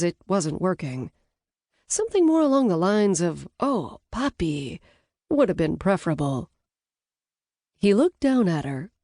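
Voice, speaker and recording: A woman narrates a scripted audiobook close to the mic, reading in a measured, even storytelling manner. Her voice is mid-range and the recording is dry.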